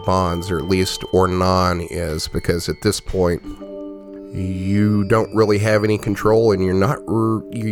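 A man narrating a tabletop game as game master, relaxed and full of fillers. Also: sits low. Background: music.

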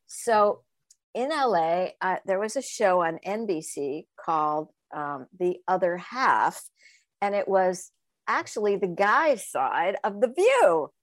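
A woman who is a sex coach and author tells stories in a casual interview, her mid-range voice slow in a dry recording. She's animated, laughs often, and acts out the voices of people she quotes.

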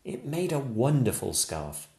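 Male picture-book narrator, very animated, unhurried, echoey room. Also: mid-range voice. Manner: slow, lively expressive narration. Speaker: storyteller. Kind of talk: children's picture book read-aloud.

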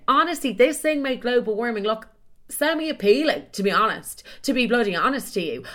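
Young woman telling a wild story on her podcast, over the top and sweary, middle pitch. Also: a bit bright. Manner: dramatic, exaggerated, swears freely. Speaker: podcast host.

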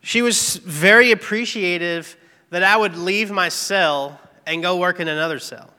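A man's voice: high-pitched, unhurried, pushed and bright, clear, resonant tone. Earnest man testifying in an echoey hall. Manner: earnest, candid storytelling. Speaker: speaker giving a personal testimony. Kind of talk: devotional testimony talk. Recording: long reverb, echoey hall.

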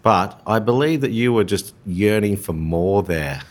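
A man's voice: on the low side, animated, unhurried. A man hosting a podcast, asking long, rambling questions and heaping on compliments. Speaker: podcast host. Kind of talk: casual conversational interview.

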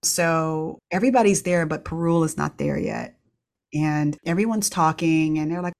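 A woman's voice: sits low, normal speed, gravelly, darkish tone. A middle-aged woman, a pediatrician, candidly telling a personal story with laughs and restarts. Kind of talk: reflective storytelling.

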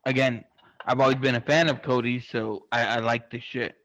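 A man's voice: medium pitch, normal speed, no room sound. Casual guy swearing nonstop, lots of ums and uhs, kinda muffled dry recording. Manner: excitable, heavy swearing; rambling with many fillers. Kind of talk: casual chat.

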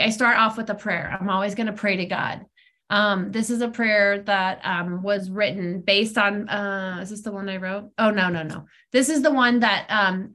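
A woman's voice: medium pitch, pushed and bright. Middle-aged woman, plain frank delivery with lots of ums, recovery-meeting share over an online call. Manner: frank and conversational, many ums. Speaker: twelve-step meeting speaker. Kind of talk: personal sharing at a recovery meeting.

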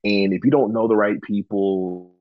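A man from Georgia, a pro wrestler, telling his story in a relaxed interview, full of ums and acted-out quotes. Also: fairly low pitch, normal speed, no room sound, phone-quality sound. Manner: relaxed, chatty, frequent ums, acts out quoted dialogue. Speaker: guest, professional wrestler.

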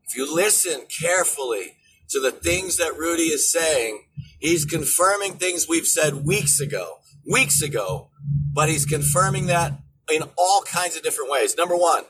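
A man hosting a political commentary show, ranting in an animated way and rising to shouts. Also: fairly high pitch, slight background noise, poor audio. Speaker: show host.

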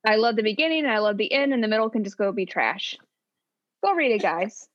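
A woman's voice: medium pitch, animated, a little fast, muffled recording. A woman co-hosting a podcast, chatting casually and playfully about books and laughing often. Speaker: podcast co-host. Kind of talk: casual book chat.

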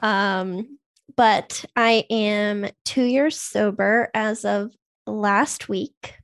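Woman, 30s, podcast guest, small girlish voice, slow and giggly, with a dry close sound. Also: medium pitch, steady tone, no echo. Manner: giggly, unhurried. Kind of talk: casual interview chat.

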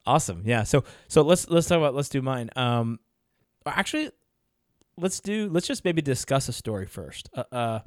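A man's voice: medium pitch, big pitch swings, moderate pace, dry recording. A man with a mid-range voice co-hosting a podcast. He keeps the chat casual, laughs often, and reads notes aloud. The sound is dry and close. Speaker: podcast co-host.

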